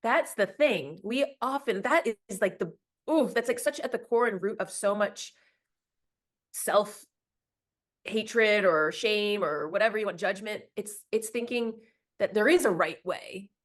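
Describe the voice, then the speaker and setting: A woman's voice: medium pitch, a little slow. Chatty woman podcast host. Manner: casual and chatty, with many fillers and affirmations. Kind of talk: podcast interview.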